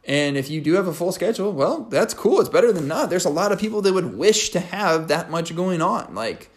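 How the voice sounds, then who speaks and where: A man's voice: high-pitched, fairly quick. Upbeat young man rambling casually. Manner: energetic, rambling, many "like" fillers. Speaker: podcast host. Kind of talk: casual motivational monologue.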